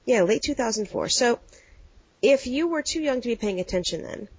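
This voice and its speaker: A woman's voice: on the high side, expressive, normal speed, breathy edge, no room sound. An American woman co-hosting a podcast, telling rambling stories in casual chat and acting out what people said. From United States. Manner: rambling storyteller, acts out quotes. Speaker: podcast co-host. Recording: dull lo-fi dry sound.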